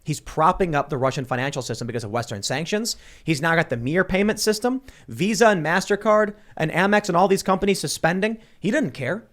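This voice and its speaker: A man hosting a political talk show, chatting casually and animatedly, often restarting his sentences. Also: a little high. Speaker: show host. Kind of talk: casual political panel chat.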